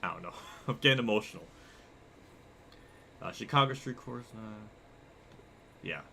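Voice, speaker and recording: Young man, racing game streamer, excitable, chatty, bright edgy voice, lively pitch. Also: a little slow, gravelly, slight background noise. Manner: excitable, chatty, reacts loudly and reads chat. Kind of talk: live gameplay commentary.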